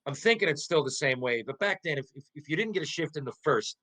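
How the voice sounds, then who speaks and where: A man's voice: fast, rough recording. A middle-aged man, a former pro hockey player, telling a casual anecdote as a podcast guest, swearing freely and tripping over restarts. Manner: lively, profane, stumbling restarts, jumps into high voices for quotes.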